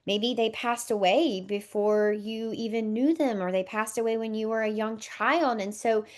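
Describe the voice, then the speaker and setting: This podcast guest is a woman in her thirties, a doula awaiting her first baby. In a slightly high voice at normal speed, she converses in an earnest, heartfelt, reflective way during the interview.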